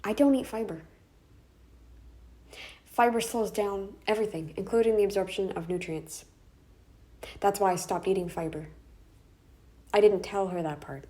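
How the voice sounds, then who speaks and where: A woman with a mid-range, slightly mellow voice vents in an emotional personal vlog recorded in her bedroom. Tearful and exhausted, she's upset, sighing and restarting as she rants.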